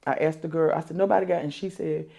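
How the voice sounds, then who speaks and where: An older woman, telling a painful family story in an interview, halting and repeating herself. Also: low-pitched, flat delivery, creaky, mellow. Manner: halting, repeats herself, quotes others aloud. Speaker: interview guest. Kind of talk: emotional interview.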